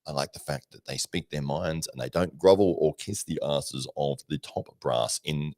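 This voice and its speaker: Male co-host, very low voice, chatty and laughing, dry close mic. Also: normal speed, darkish tone, dry recording. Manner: reads viewer comments aloud, laughs easily, chatty storytelling. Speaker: podcast co-host. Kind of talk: casual live-stream chat.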